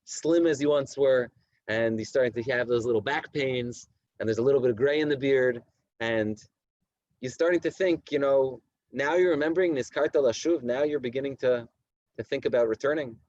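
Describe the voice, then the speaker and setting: Rabbi in his thirties leading a night study session, mid-pitched voice, repeats himself while explaining texts. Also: no room sound, lo-fi sound. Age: 30s. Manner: reads Hebrew texts slowly then explains them in animated English with many repetitions. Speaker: rabbi giving a Torah class. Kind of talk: Torah lecture to a community. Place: community study hall at night.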